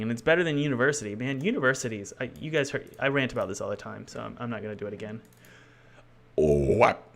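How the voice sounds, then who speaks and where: A man's voice: mid-range voice, bright, forceful tone. A man streaming his game development work, chatting loosely with viewers and thinking aloud as he codes, often correcting himself mid-sentence. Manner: rambling, loose and self-correcting; thinks aloud while working.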